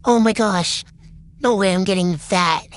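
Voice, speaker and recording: A woman's voice: mid-range voice, unhurried. Gushing girl gaming creator. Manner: gushing, excitable, lots of fillers like "like". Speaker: game creator. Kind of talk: casual gameplay commentary.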